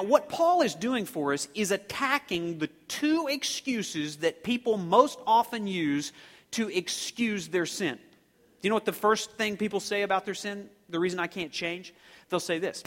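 A man preaching a sermon as pastor, animated, shouting some words for emphasis and slowing down to stress others. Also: high voice, big-room sound.

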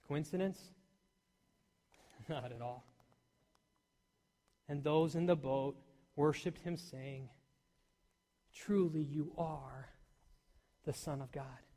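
A male pastor preaching a sermon in a church, swinging between loud emphatic peaks and soft near-whispers. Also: on the high side. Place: church hall. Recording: long hall reverb.

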